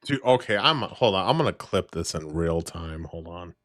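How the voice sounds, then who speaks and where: A man's voice: low voice, animated, normal speed, fairly bright tone. A man casually reacting to a streamer's clip, with offhand, amused, muttering asides.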